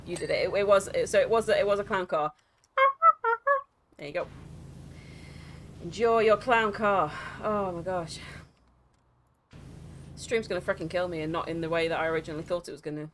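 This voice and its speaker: A woman streaming a game from home, giggling and breaking into loud outbursts, her throat sore from laughing. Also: lowish voice, normal speed, pauses often, slight background noise. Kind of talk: casual live-stream chat.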